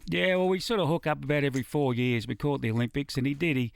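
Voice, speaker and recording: A man's voice: mid-range voice, fairly even intonation, quick pace, gravelly, clear, resonant tone, dry recording. A middle-aged Australian man, a musician guest, telling dry, laconic stories in a casual radio interview. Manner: laconic, dry yarn-spinning.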